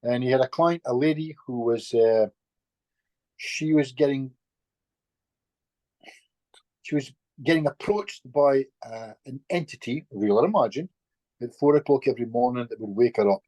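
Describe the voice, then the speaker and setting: A middle-aged man, a guest healer, telling stories in a lively, chatty way with chuckles and restarts. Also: mid-range voice, moderate pace, no echo. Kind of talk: casual storytelling in conversation.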